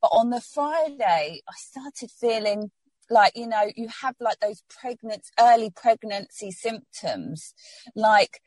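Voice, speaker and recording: A woman's voice: a little high, lively intonation, slow pace, darkish tone, no room sound. A woman telling her personal story in an interview, heartfelt and rambling with many restarts, getting emotional.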